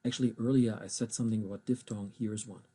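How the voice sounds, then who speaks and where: Husky man teaching German pronunciation. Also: fairly low pitch, steady tone, warm tone. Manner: slow careful spelling and pronunciation of German words. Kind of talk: recorded language lesson.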